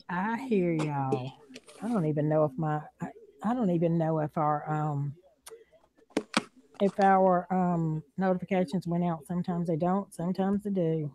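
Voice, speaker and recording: A woman's voice: fairly low pitch, mellow. A woman with a Southern accent, hosting a casual livestream chat from home, talking in a loose, drawling way and laughing often. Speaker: livestream host.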